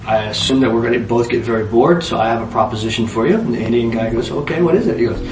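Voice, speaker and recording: A man preaching a sermon, telling stories and jokes, rising loud to drive points home, then dropping low. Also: quick pace, music in the background. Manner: lively storyteller, rises loud to preach then drops low. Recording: echoey room heard from a distance.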